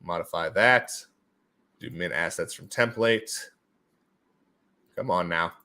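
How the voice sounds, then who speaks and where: A man running NFT giveaways on a casual livestream talks animatedly, repeating his own phrases and adding playful sound effects. His voice sits low and sounds bright and forceful, though his pace is slow.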